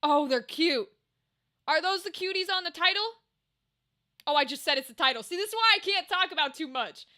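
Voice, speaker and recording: A woman's voice: very high voice, animated, fairly quick, pushed and bright. A woman livestreaming, chatting loosely with her viewers and reading their messages, rambling and swearing casually. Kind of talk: casual chat with chat.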